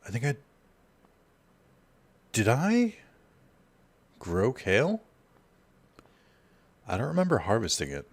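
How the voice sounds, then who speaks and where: A man's voice: medium pitch, huge pitch swings, slow, long pauses, dry recording. A man giving casual gameplay commentary, rambling through a personal story with lots of fillers. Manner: rambling, filler-heavy, storytelling while playing. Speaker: let's play host.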